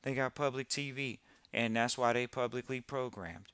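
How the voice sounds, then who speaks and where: Bright, crisp-voiced man hosting a podcast. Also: medium pitch, normal speed, dry recording. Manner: animated, mocking put-on quotes, repeats phrases for emphasis. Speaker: podcast host. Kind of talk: casual live-stream talk.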